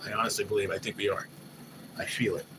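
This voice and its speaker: A man hosting a live stream, chatting casually and excitably, swearing loosely and often mimicking what others said. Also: on the low side, fast talker. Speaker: livestream host. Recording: noisy background hum.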